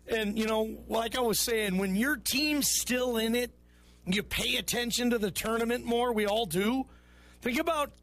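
A man hosts a sports call-in show with a strikingly high voice. He talks loose and chummy, riffing between calls. It has a radio broadcast sound. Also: a bit bright, dry recording. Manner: loose, chummy, calls callers bro and brother. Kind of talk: casual call-in radio talk.

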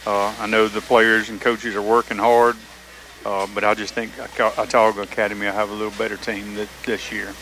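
A man speaks in a low, flat voice with a bright edge, giving a measured and sympathetic football pick. Faint room noise sits behind him. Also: rough recording. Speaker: sports show panelist. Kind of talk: casual sports picks.

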